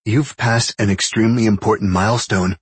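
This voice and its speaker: A man voicing a brisk, commanding senior woman officer in a storybook reading. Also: on the low side, steady tone, breathy edge, no echo, pitched above the performer's own voice.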